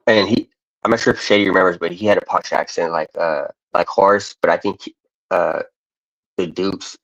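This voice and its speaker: An American man chatting casually on a stream, talking haltingly and keeps losing his train of thought. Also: low voice, fairly even intonation, vocal fry, a bit bright, no echo. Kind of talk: casual chat. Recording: dull, dry lo-fi mic.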